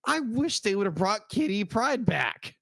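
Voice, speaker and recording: A man's voice: high-pitched, sing-song, a little slow, creaky, fairly bright tone, no room sound. Easygoing man chatting on a podcast. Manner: easygoing, laughs often, acts out quotes. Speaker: podcast co-host. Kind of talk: casual chat.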